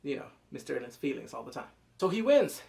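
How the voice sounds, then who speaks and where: A man reviewing a TV episode in excited casual commentary, cursing freely, breaking into loud exclamations and quick character impressions. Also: medium pitch, vocal fry. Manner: animated, profane, jumps into loud exclamations; mimics characters in quick asides.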